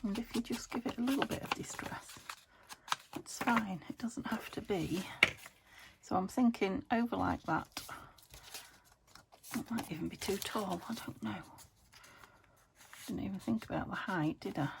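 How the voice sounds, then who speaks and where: A woman's voice: medium pitch, unhurried, vocal fry, long pauses. A middle-aged woman chatting casually to herself while she works on a craft, often dropping into a whisper. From United Kingdom. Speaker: craft vlogger. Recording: noisy home recording.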